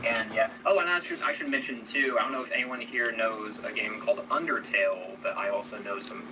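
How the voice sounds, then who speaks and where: Halting man in a noisy, distant clip. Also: fairly low pitch. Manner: halting, full of filler words, rambling. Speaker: guest in a played clip. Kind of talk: casual conversation. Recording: distant clip audio with background noise.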